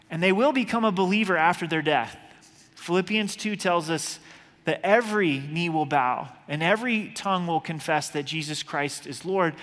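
Male pastor, earnest urgent sermon delivery, slightly high voice, long hall reverb. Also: a bit bright. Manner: earnest, urgent preaching with repeated word starts.

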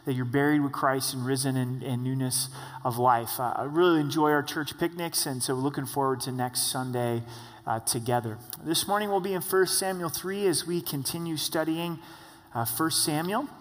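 Man preaching in a reverberant church hall. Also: mid-range voice. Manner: conversational, slows for emphasis. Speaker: pastor. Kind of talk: sermon.

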